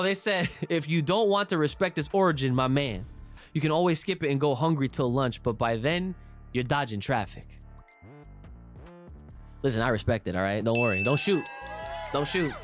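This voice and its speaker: A man's voice: mid-range voice, lively intonation, moderate pace, pauses often, soft background music. A young man co-hosting a casual podcast, talking animatedly, swearing and laughing as he reads listener comments aloud. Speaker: podcast co-host.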